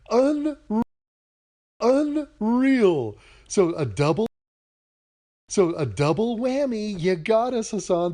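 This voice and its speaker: A man's voice: on the high side, warm tone. A man giving reaction commentary, sarcastic and mocking, often repeating himself.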